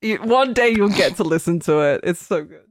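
A woman co-hosting a podcast in casual chat, excitable, laughing often and swearing. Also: mid-range voice, moderate pace, no echo, studio quality. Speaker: podcast co-host.

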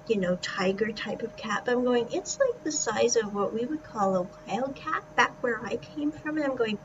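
Woman podcaster, casual storytelling, fairly high voice, laughs a lot, slips into whispers, dull lo-fi sound. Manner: chatty and animated, laughs often, dips into whispers. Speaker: podcast host. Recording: distant mic, dull sound, steady background noise.

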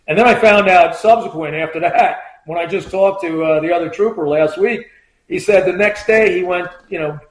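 A middle-aged man, a retired trooper, telling stories in a loose, rambling way, full of fillers and acted-out quotes. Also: a little high. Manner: rambling, filler-heavy, acts out quoted lines in a raised voice. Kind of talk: casual anecdotal storytelling. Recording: roomy echo.

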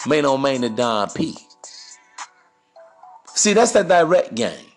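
A man's voice: medium pitch, sing-song, slow, gravelly, pauses often, soft background music. A man hosting a podcast, giving crude, swaggering dating advice in a preachy monologue. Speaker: podcast host.

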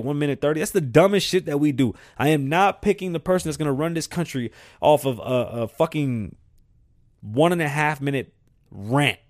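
A man's voice: fairly high pitch, a little mellow, dry recording, studio quality. Blunt, profane man ranting. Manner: blunt, profane and repetitive, building to heated outbursts. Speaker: show host. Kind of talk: opinion rant monologue.

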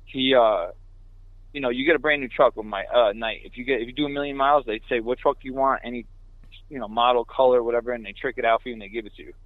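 A man from New York City tells a road story at a rapid clip. His voice is dry and squeezed into a narrow, tinny phone line. He keeps it casual, with quick laughs in between. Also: medium pitch, no echo. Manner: fast, animated, laughing asides. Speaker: truck driver.

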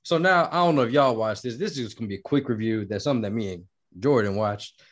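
A man's voice: medium pitch, quick pace. A man hosting a casual podcast, laid-back and profane as he leads each segment. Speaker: podcast host. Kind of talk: casual chat.

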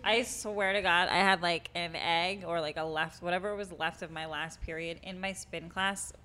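A woman's voice: fairly low pitch, steady tone, moderate pace, pushed and bright. A woman with a Boston accent co-hosting a podcast, loose and joking, swearing often in casual chat. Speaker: podcast co-host.

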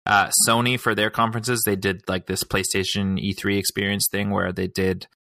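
Podcast co-host, man, deep but bright voice, rambly casual delivery, dry close mic. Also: flat delivery, normal speed, gravelly, no echo. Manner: rambling, many fillers and restarts. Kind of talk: casual chat.

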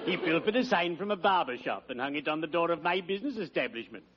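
An actor playing a gloomy, pun-loving undertaker who talks slowly and solemnly in a 1940s radio sitcom. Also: male voice, fairly high pitch, animated, a loud crowd, heavy background noise, natural voice. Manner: slow, solemn, drawn-out delivery. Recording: dull old radio recording.

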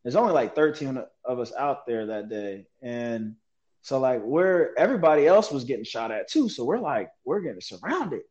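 A man telling a story as a guest in an interview, animated and slangy, mimicking sounds as he relives events. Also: medium pitch, moderate pace, highs cut off. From United States. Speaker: guest, military veteran.

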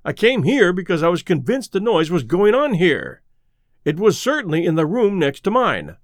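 A man's voice: high voice, huge pitch swings, moderate pace, no echo, clean studio sound, exaggerated voice. A man voicing an irritable lawyer in an audiobook, speaking sharply and brusquely. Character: irritable middle-aged male lawyer, shaken.

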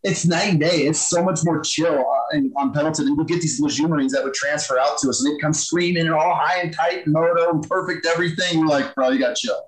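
A man's voice: fairly high pitch, fairly even intonation, fast, hardly any pauses, echoey room, rough recording. A man who is a former Marine, telling war stories as a podcast guest in a blunt, profane, casual way and acting out the banter he quotes. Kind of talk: casual storytelling interview.

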